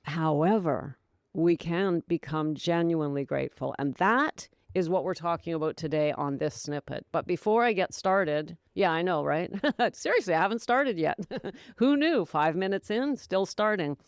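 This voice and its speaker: A woman's voice: fairly low pitch, moderate pace, no room sound, studio quality. A woman hosting a solo sobriety podcast, talking in a chatty, encouraging way and laughing often. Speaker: podcast host and sobriety coach. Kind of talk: casual solo podcast talk.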